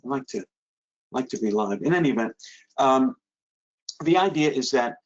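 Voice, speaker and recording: Man, webinar presenter, halting, lots of restarts, dull lo-fi call audio. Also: medium pitch, animated. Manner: halting, many restarts and fillers. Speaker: guest presenter.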